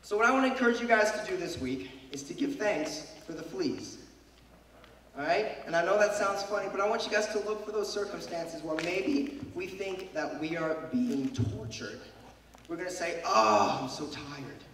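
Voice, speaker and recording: Guy preaching to a youth crowd, voice going hoarse, lots of echo, faint room noise behind. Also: high voice, moderate pace, fairly bright tone. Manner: storytelling, asks the crowd questions. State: losing his voice. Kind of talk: devotional talk to a group of young people. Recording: echoey hall, speaker far from mic.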